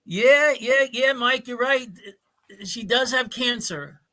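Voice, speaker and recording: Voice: medium pitch, slow, sharp tone. A performer voicing an earnest young man in an amateur radio drama, speaking heartfelt and hesitant. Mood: tender. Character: earnest young man proposing to his sick girlfriend.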